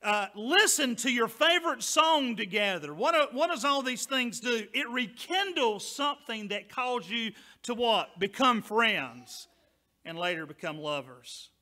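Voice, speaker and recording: A man preaching a sermon as pastor, loud and emphatic, dropping now and then to quieter asides. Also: extremely high pitch, lively intonation, measured pace.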